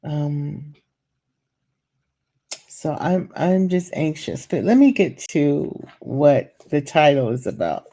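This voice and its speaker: A woman talks into her camera at home late at night, gossiping in a casual vlog. Her voice sits low and mellow, and she takes her time, drawling through fillers and calling her viewers "child" and "baby". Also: lively intonation, takes it slowly. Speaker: vlogger.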